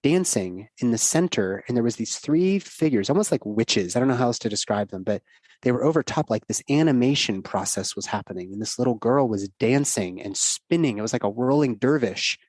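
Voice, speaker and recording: A man's voice: mid-range voice, expressive, a little fast, darkish tone, dry recording. A middle-aged man, a doctor guesting on a podcast, telling a personal story in an earnest, rambling, casual way.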